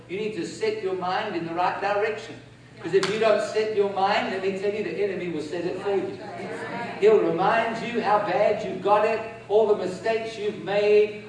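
A man with a very high voice preaches a sermon, pressing his points and having the congregation repeat after him. He sounds distant from the microphone, and the large hall around him echoes heavily. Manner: emphatic, leads the congregation in call-and-response.

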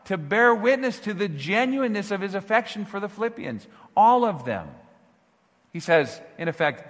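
Brief: male pastor, sermon delivery, slightly higher voice, long church reverb. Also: expressive, moderate pace. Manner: earnest preaching, rhetorical questions, swings from hushed to shouting.

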